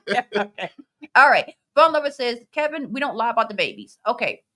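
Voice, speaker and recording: A woman's voice: on the high side, normal speed. Woman hosting a chill podcast, reads the chat out, laughing, big swoopy voice. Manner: laughing, animated, acts out quoted voices. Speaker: podcast co-host reading live chat. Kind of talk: casual chat.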